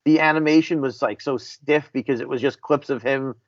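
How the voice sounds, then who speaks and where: A man's voice: medium pitch, brisk, no room sound. Guy on a podcast gushing about old favorites, dead dry sound, muffled. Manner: enthusiastic, storytelling, some restarts. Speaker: podcast co-host. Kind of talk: casual chat. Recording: dry, dull lo-fi audio.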